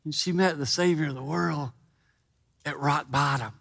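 A male preacher delivering a sermon with an animated, emphatic swing, slowing down when he makes his earnest points. His voice sits on the higher side for a man, and it rings with a long reverb through the church sanctuary. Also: gravelly, slightly rough. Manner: animated, building to loud emphasis, then slow and earnest.

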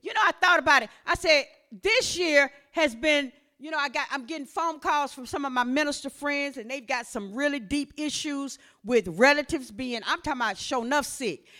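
A woman preaching, swinging from quiet talk to shouted exhortation. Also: normal speed, hardly any pauses. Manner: impassioned, rising to shouts then dropping low.

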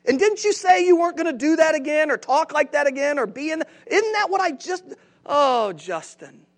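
A man's voice: extremely high pitch, sing-song, normal speed, pitched above the performer's own voice. A man preaching acts out God as an exasperated voice scolding a repeat sinner.

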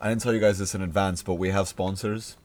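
A man's voice: low voice, steady tone, fast. A young man hosting a casual podcast, joking and swearing often. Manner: joking interjections, swears a lot. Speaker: podcast host. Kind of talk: casual banter.

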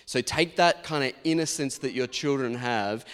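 A man's voice: medium pitch, moderate pace, fairly bright tone, smooth. A man in his forties, a pastor giving a sermon in a chatty, anecdotal storytelling manner. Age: 40s. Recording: long reverb of a large hall.

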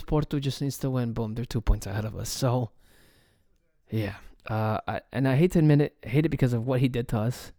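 On his own casual soccer podcast, a man rants like a passionate fan, swearing frequently and restarting often amid many fillers. He speaks in a mid-range voice, with studio-quality audio and no room sound.

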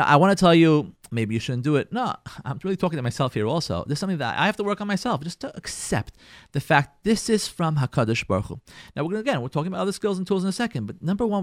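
A man's voice: high voice, no echo, clean studio sound. A middle-aged man, a rabbi teaching a Torah class on marriage, acting out everyday scenarios and repeating phrases for emphasis. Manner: animated, acts out everyday scenarios.

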